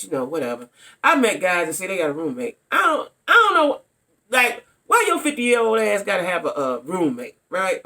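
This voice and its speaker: A middle-aged woman vlogger spins a dating story straight to camera. Her voice is bright and forceful. She talks bluntly and keeps checking in with her listeners. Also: lowish voice.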